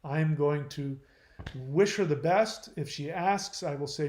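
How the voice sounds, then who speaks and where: A man's voice: fairly high pitch, unhurried, a little mellow, roomy sound. A man hosting his channel, reading viewer comments aloud and answering them in a blunt, lecturing way.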